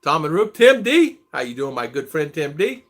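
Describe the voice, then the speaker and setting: A man's voice: fairly high pitch, big pitch swings, moderate pace. A middle-aged man hosting a casual livestream chat, greeting viewers by name in a chatty way. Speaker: livestream host.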